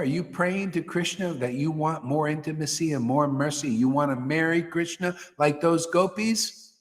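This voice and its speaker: Animated man preaching in a big hall. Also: a little high. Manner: exhorting, animated, colloquial. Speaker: spiritual teacher. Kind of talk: devotional sermon. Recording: reverberant hall.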